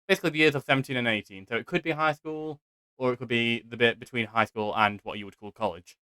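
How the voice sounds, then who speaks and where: A man's voice: medium pitch, quick pace, sharp tone, clean tone, no echo. A young British man hosting a casual podcast chat, talking in chatty, giggly bursts with stammering restarts. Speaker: podcast host. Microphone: home microphone, strict settings.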